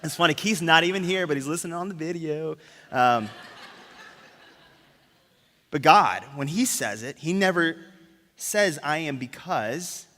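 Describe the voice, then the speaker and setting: Male pastor, sermon; slightly high, bright voice; emphatic, hushes key words; church reverb. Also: a little slow, pauses often. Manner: asks the crowd rhetorical questions. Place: church sanctuary. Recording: long reverb of a church hall.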